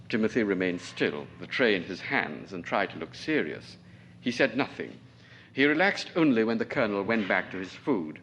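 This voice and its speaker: A novelist in his forties from Trinidad, reading his own fiction aloud at a lecture in a measured, deliberate way. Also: sits low, big pitch swings, a bit bright, slight background noise. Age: 40s.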